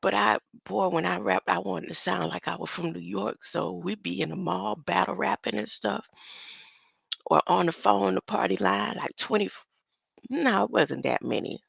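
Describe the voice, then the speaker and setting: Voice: mid-range voice, moderate pace, vocal fry, a bit bright, breathy edge, dry recording. A vlogger talking in a rambling casual monologue, musing and drifting from topic to topic and chuckling often. The sound is dull and lo-fi.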